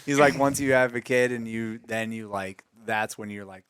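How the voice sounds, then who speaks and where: A man co-hosting a podcast in a studio, chatting casually in a relaxed, agreeable way. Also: lowish voice, normal speed, clean tone, no room sound. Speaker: podcast co-host. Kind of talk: casual chat.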